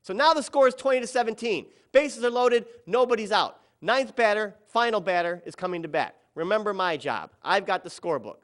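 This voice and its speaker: Bright high-voiced man telling a story. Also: expressive, brisk, few pauses. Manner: dramatic storytelling, quoting others in softened and raised voices. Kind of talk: told personal story.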